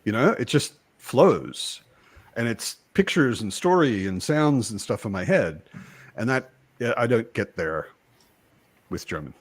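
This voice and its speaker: A man born in the United States hosting a casual live chat, talking in an animated way with frequent restarts. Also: medium pitch, a little slow. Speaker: host.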